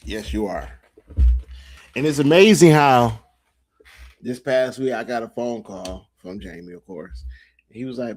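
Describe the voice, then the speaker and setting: A man's voice: mid-range voice, big pitch swings, a little slow, vocal fry, pauses often. A man co-hosting a podcast in casual banter, teasing his friend and swearing freely. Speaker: podcast co-host.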